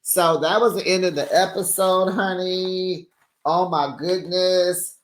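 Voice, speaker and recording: A woman's voice: lowish voice, steady tone, takes it slowly. A woman hosting a casual recap show, chatty and sassy, laughing often and acting out quotes. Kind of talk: casual reality-TV recap chat.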